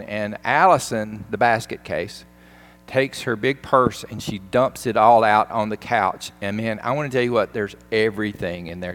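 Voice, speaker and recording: A pastor giving a sermon, retelling a film scene in an animated, emphatic way. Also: male voice, fairly low pitch.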